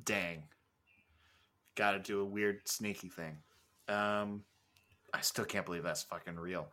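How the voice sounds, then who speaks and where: Hombre relajado en charla de pódcast. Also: male voice, low voice, steady tone, measured pace, sharp tone. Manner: rambling, laughing, swears freely. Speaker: podcast co-host. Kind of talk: casual chat.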